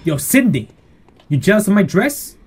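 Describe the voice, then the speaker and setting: A man giving profane, jumpy commentary while playing a video game, swinging between yelling outbursts and self-mocking jokes. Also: high-pitched, big pitch swings, normal speed, noisy background. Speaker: gameplay streamer. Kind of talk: live gameplay commentary.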